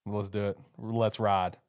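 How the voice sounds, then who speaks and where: A man's voice: lowish voice, flat delivery, slow, no room sound, studio quality. A man hosting a mock draft with playful banter and frequent laughter. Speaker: host running a mock draft. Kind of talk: casual joking chat.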